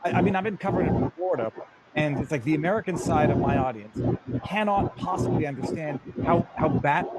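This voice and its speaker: A man's voice: on the high side, noisy background. A man speaking as a guest commentator on a political talk show, in an emphatic, scornful way.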